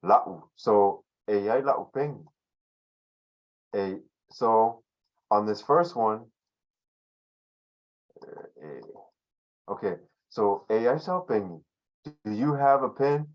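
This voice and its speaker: A man's voice: on the low side, animated, takes it slowly, pauses often, dull audio. A man teaching a language class online in a loose, conversational way, full of fillers and restarts.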